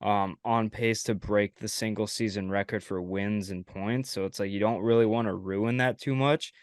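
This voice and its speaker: A man hosting a casual sports podcast, relaxed and talking with fillers. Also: on the low side, normal speed, smooth, no echo, studio quality. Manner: relaxed, fillers, laughs along. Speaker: host.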